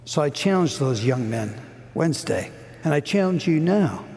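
A middle-aged man preaching a sermon, telling a story earnestly, rising high and dropping to a hush. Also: very animated, moderate pace. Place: church hall. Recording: long hall reverb.

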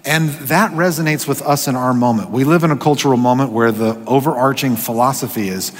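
A man preaching a sermon in a conversational way, slowing for emphasis and dropping to a hush at times. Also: medium pitch. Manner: conversational, drops to hushed whispers for quoted voices. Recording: echoey hall with long reverb.

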